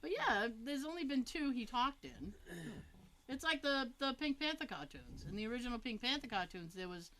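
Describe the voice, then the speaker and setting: A woman co-hosting a casual podcast, her bright, high-ish voice swinging widely in pitch. She tells stories in an animated way and breaks into laughter often, unhurried in her delivery. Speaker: podcast co-host. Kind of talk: casual chat.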